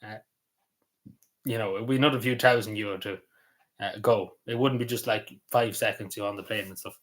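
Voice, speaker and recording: A man's voice: fairly low pitch, fairly even intonation, brisk. An Irish man streaming a casual chat. He rambles loosely, with lots of ums, uhs and likes. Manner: meandering, full of ums and likes.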